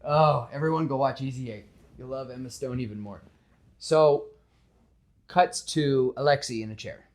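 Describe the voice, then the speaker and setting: Guy hosting a podcast, chatty, gets really animated telling the story. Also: medium pitch, normal speed. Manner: animated storytelling, acts out scenes. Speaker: podcast host. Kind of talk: casual chat.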